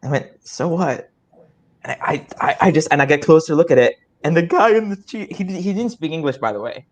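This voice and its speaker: Excitable young man spinning a tall tale. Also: fairly high pitch, fast talker. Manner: excited rambling, many stammered restarts. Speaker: improv player telling a story. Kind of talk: comic storytelling game.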